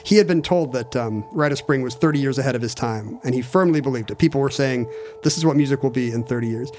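A man's voice: medium pitch, fast talker, darkish tone, soft background music. A man chatting casually, telling a long story with many restarts and fillers. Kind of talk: casual podcast chat.

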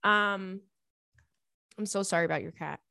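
A woman in her thirties hosting a podcast, chatting casually and reading a listener letter aloud in a lively, excitable way with casual swearing. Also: medium pitch, a little slow, vocal fry, clear, resonant tone, no echo. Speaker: podcast host.

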